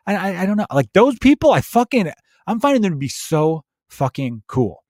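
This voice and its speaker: A man hosting his own podcast, ranting in a profane, animated, conversational way. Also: high voice, brisk, no echo, clean studio sound. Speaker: podcast host, comedian. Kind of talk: solo podcast rant.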